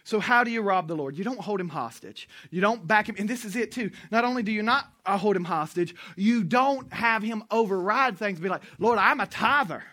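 A high-pitched, sharp-toned pastor preaches briskly with hardly a pause. His sermon unfolds like conversation and story, with asides to the audience and call-and-response from the congregation.

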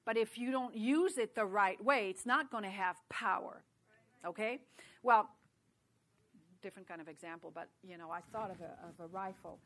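Bright-voiced woman preaching. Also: medium pitch, normal speed. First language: French. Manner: conversational, chatty preaching with asides and laughs. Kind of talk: sermon.

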